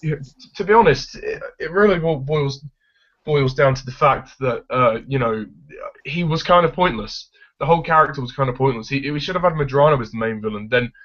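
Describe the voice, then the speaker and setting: A man's voice: medium pitch, fairly bright tone. A man giving his blunt, opinionated take on a film in a casual discussion. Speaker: film reviewer. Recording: dull lo-fi recording.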